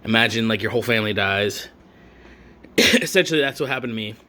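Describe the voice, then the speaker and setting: A man's voice: lowish voice, lively intonation, brisk, pushed and bright. A young adult man telling a rambling, profane storytime rant full of slang and fillers. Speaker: vlogger.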